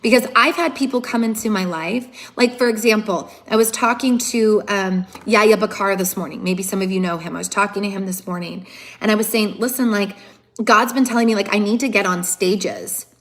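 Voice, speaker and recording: Woman speaker, earnest motivational livestream talk on her phone, emphatic, leans on repeated lines, mid-pitched voice. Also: brisk, fairly bright tone. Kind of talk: live-streamed motivational talk.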